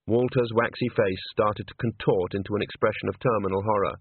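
A man narrating an audiobook in a measured, wry storytelling manner. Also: on the low side, fairly even intonation, breathy edge, dry recording. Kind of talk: scripted narration. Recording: tinny phone-like sound.

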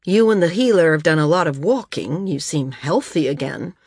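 A woman's voice: low-pitched, animated, normal speed, darkish tone, breathy edge, dry recording, clean studio sound, heavily acted. A woman reading the lines of a stern, domineering male ruler in an audiobook, in cold, demanding questions.

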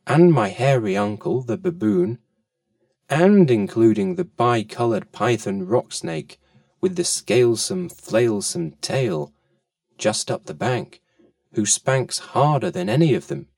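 A polite, endlessly curious young elephant calf, as a male narrator gives him voice, pleading courteously and often with lively, rising emphasis. The voice is slightly gravelly and a touch off-mic. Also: mid-range voice, takes it slowly, no echo, studio quality, recorded from a distance, voice pushed down, heavily acted.

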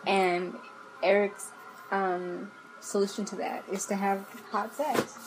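A woman co-hosting a podcast, frank and wry, with a self-mocking edge. Her voice sits at an ordinary middle pitch. A faint hiss of ambience runs under the recording. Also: fairly even intonation, slow, low-quality recording. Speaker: podcast co-host. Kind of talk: casual chat recapping a TV episode.

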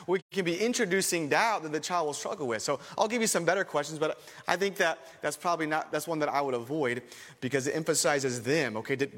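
A pastor teaching a church audience in a conversational sermon style, acting out short dialogues with different voices. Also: male voice, fairly high pitch, a bit bright. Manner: conversational, acts out little dialogues. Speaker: pastor teaching soul-winning. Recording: long reverb of a large hall.

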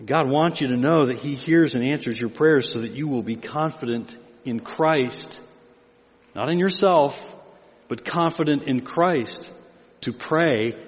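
A man's voice: fairly high pitch, long reverb tail. An older man preaching a sermon as pastor, with emphatic build-ups on key phrases.

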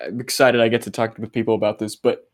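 A man in a casual chat, eager and quick, often restarting his sentences. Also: fairly low pitch, little pitch movement.

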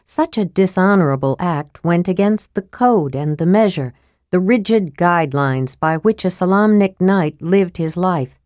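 A woman with a low voice reads an audiobook at a steady pace. The recording is dry and close-miked. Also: no echo. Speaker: narrator. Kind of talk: audiobook narration.

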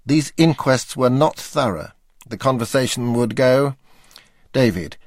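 An older man reads his memoir aloud with dry, wry understatement in a gravelly, mid-range voice that takes on a rough fry at phrase ends. He's animated but a little slow, recorded close and dry with no room sound.

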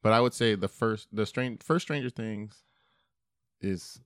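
A man from New England chatting casually on a podcast, laid-back and quick to laugh. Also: on the low side, smooth, dry recording. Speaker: podcast co-host. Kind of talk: casual chat.

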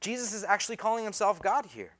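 A man's voice: high-pitched, very animated, quick pace, a bit bright. A man preaching a sermon as pastor, in a casual, conversational way with slang and acted-out quotes.

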